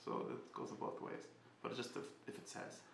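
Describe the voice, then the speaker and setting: A man giving a casual spoken class, halting and often restarting as he searches for words. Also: a bit bright, roomy sound, a little hiss or hum. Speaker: teacher.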